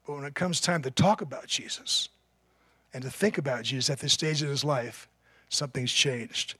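A man's voice: mid-range voice, moderate pace, pushed and bright, breathy edge, no echo. A man preaching a sermon as pastor, telling a story in an earnest, emphatic way.

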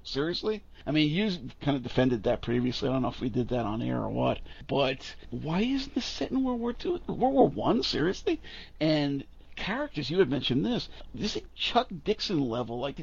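A man's voice: medium pitch, creaky, slightly rough. A man co-hosting a podcast, ranting bluntly and sarcastically and swearing freely. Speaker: podcast co-host. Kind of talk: casual opinionated chat. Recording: dull lo-fi audio.

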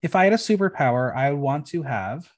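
A man's voice: a little high, lively intonation, fairly quick. Upbeat man hosting quiz-style prompts. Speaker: podcast host. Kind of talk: interview game prompts.

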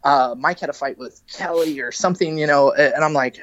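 Halting, emotional man telling his story. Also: a little high, a bit bright, no room sound, muffled recording. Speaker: guest, musician. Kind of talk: candid podcast interview. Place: podcast studio.

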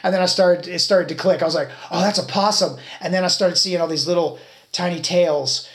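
A podcast host spins a rambling story in easy conversation, swearing freely and telling it with animation. The voice sits at a middle pitch. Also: fairly even intonation, fairly quick. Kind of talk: casual storytelling chat.

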